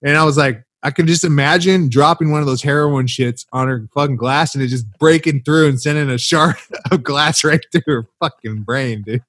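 A man's voice: fairly high pitch, normal speed, no echo. A man co-hosting a crude comedy podcast, telling profane stories with lots of swearing and acted-out voices. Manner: profane, animated storytelling with shouted quoted voices. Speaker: podcast co-host.

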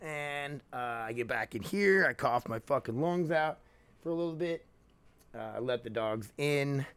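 A man's voice: mid-range voice, lively intonation, normal speed, a bit bright, clear, resonant tone, no room sound. A young man hosting his own podcast from home, rambling candidly with plenty of swearing. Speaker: podcast host. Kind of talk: casual solo podcast monologue. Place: home, near laundry room. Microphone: podcast microphone.

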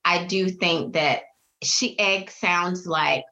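Chatty woman with a bright voice. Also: lowish voice, slow, dull audio. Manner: chatty, lively, acts out quoted voices. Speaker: guest, children's book author. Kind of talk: casual interview chat.

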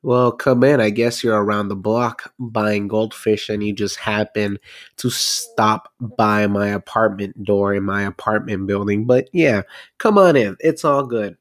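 A man voicing a cool, unbothered young male cop who talks in a relaxed, smooth way. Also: fairly low pitch, measured pace, voice pushed down, close to an everyday voice.

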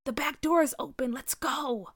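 A woman voicing a sneaky, bossy boy ringleader who speaks in a hushed whisper. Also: high-pitched, moderate pace, no room sound, studio quality, voice pushed up.

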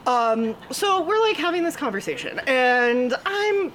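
A woman's voice: high-pitched, very animated, unhurried, a bit bright, slight background noise. A woman telling a comic story on stage at a live show, chatty, laughing often and acting out what people said. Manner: chatty, laughing often, acts out quoted lines. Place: stage before a live audience.

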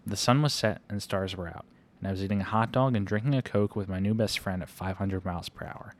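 A man reading a first-person story aloud in an unhurried, conversational storytelling manner. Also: deep voice. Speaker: reader.

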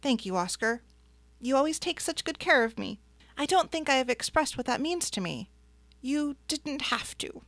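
A woman reading a first-person audiobook in a soft, reflective way. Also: high-pitched, very animated, normal speed, no echo. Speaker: narrator.

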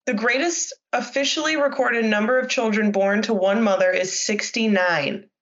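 A woman's voice: fairly high pitch, a bit bright. Teasing young woman podcast co-host. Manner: teasing, quick banter. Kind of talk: casual chat. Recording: dull lo-fi sound.

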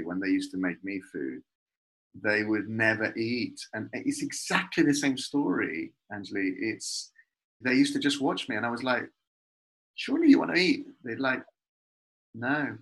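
Husky man telling food stories. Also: lowish voice, low-quality recording. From Peru. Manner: warm, animated storytelling about food. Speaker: guest. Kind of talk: casual conversation.

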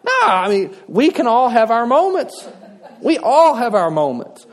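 A man's voice: very high voice, very animated, unhurried. A middle-aged man, preaching a sermon in a folksy, conversational way with touches of humor. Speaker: pastor.

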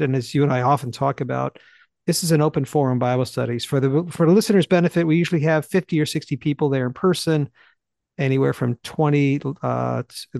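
A man teaching Bible studies, talking eagerly and fast in a casual podcast chat, often clipping his sentences and restarting. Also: medium pitch, creaky, a little mellow, no room sound, clean studio sound.

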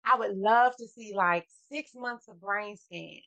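A woman's voice: mid-range voice, unhurried, vocal fry, bright, forceful tone, poor audio. Woman host who keeps listening and agreeing. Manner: supportive, gives frequent short agreements. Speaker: podcast host. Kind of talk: casual interview conversation.

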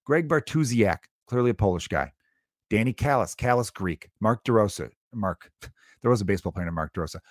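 A man's voice: fairly low pitch, animated, a little fast, no echo, clean studio sound. A male comedian hosting a podcast, ranting in a profane, sarcastic, exasperated monologue.

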